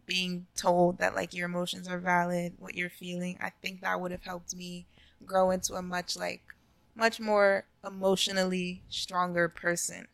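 A woman's voice: on the low side, completely flat delivery, moderate pace, vocal fry, dry recording. A woman speaking as a podcast guest in casual chat, hesitant and full of "like". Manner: hesitant, many fillers like "like".

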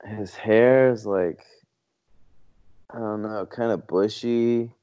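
A man with a mellow, rather low voice trades short, blunt remarks as a podcast co-host. The sound is dull and lo-fi, and close and dry with no room echo. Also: fairly even intonation, slow pace. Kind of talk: casual comedic chat.

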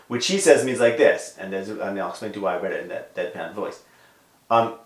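Male podcast lecturer, low voice, emphatic and conversational, heavy Hebrew and Yiddish terms, echoey room. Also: lively intonation, quick pace. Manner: emphatic, swings between loud stresses and quiet asides.

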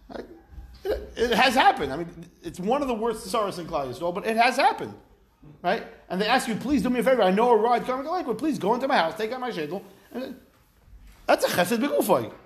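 Male Torah teacher, lively and conversational, fairly high voice. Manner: lively, conversational, mixes Hebrew phrases into English. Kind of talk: informal Torah class.

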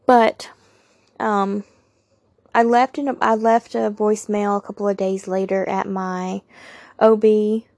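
A woman's voice: mid-range voice, little pitch movement, a little slow, pauses often, darkish tone, no room sound, clean studio sound. A young woman, candidly telling a personal story on her podcast with emphatic asides to listeners. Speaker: podcast host.

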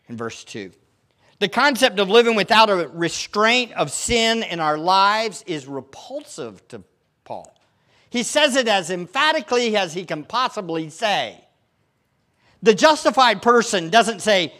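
A man's voice: high voice, lively intonation, measured pace, a bit bright. A male pastor preaching a sermon, emphatic and fond of putting rhetorical questions to his congregation.

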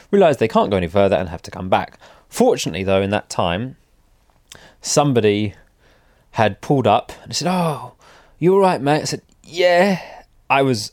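A man's voice: on the low side, darkish tone, dry recording, studio quality. Rambling man telling a story. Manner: rambling, self-correcting, wry. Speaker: motorcycle vlogger. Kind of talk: casual storytelling chat.

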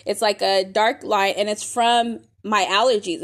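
A woman's voice: mid-range voice, steady tone, measured pace, a bit bright. A woman giving a casual spoken testimony, rambling and faith-filled, calling her viewers y'all.

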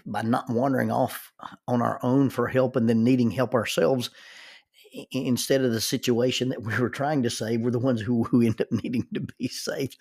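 Gravelly, halting older man. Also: medium pitch. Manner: halting, repeats words when starting sentences. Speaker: grandfather telling life-lesson stories. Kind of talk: reflective storytelling monologue.

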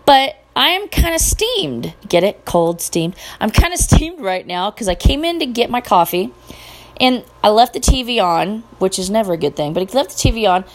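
A middle-aged woman hosting her own podcast, talking casually in an animated, indignant and sarcastic way. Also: fairly high pitch, moderate pace. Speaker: podcast host. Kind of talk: casual solo podcast rant.

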